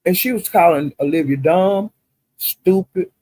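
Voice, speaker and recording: An older woman from the Southern United States, with a lowish, dark voice and a measured pace, hosts a live stream with no echo. She rants casually, profane, indignant, and emphatic.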